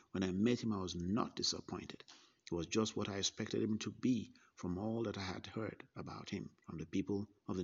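A man reading a first-person narration in a measured way, with small slips and restarts. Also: fairly low pitch, creaky, husky, highs cut off. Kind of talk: scripted narration.

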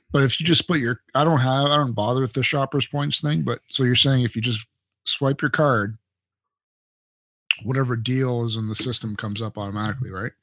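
A man co-hosting a podcast, chatting casually and calmly asking questions to clarify. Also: medium pitch, normal speed, no echo. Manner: calm, asks questions to clarify. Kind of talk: casual chat.

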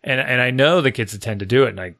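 A man's voice: mid-range voice, quick pace, gravelly. A man chatting casually about coaching kids' sports, acting out the kids and coaches in his stories. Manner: animated storytelling, acts out kids and coaches. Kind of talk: casual chat.

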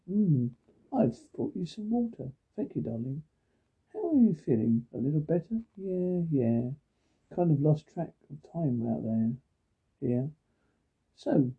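Raspy gravelly man on a tinny line. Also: fairly high pitch. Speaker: reader of captions and sound cues. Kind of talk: reading aloud all dialogue and sound cues. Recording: tinny phone-like sound.

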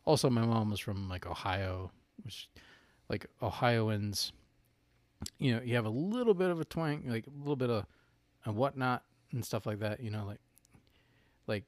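Here the North Carolinian co-host speaks at a moderate pace in an animated, mid-range voice, recorded without echo. In the loose podcast chat he rambles, sprinkling in "like" and "you know" and breaking into laughter easily.

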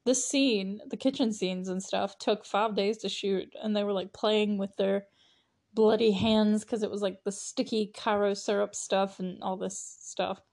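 A woman's voice: mid-range voice, steady tone, measured pace, darkish tone. Chatty laughing woman podcaster. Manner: chatty, laughing, lots of fillers. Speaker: podcast host. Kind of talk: casual movie recap podcast.

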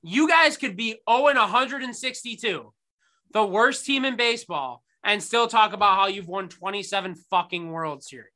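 Swearing and sarcastic, this thirties-aged podcast co-host rants his way through a laid-back sports conversation. He has a high-pitched voice that sounds pushed and bright, delivered at a moderate pace.

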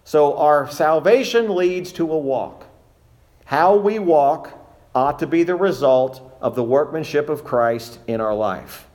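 A man preaching an expository sermon in a measured, emphatic way, slowing down to stress key phrases. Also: a little high, a little mellow.

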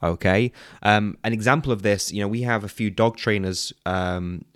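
A man's voice: on the low side, moderate pace, a bit bright. A man hosting a solo business podcast, talking conversationally with frequent fillers and "okay?" check-ins. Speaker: podcast host.

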